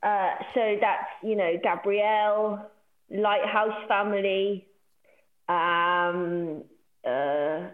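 A woman on a comedic podcast, dropping quick, wry interjections. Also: medium pitch, fairly even intonation. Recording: tinny phone-like line in a roomy space.

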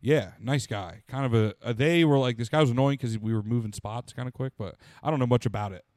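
A young man chatting casually on a podcast, cracking crude jokes and breaking into laughter as he acts out what people said. His voice sits in a middle pitch, and the recording is close and dry, with no room sound. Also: brisk, a little mellow, dry recording. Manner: crude, laughing storyteller who acts out quotes. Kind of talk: casual chat.

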